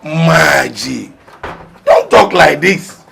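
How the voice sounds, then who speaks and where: An actor playing a Nigerian father of the bride, with a gravelly voice, urging calm. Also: a little high, extremely slow, over music, exaggerated voice. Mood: placating. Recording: noisy room from a distance.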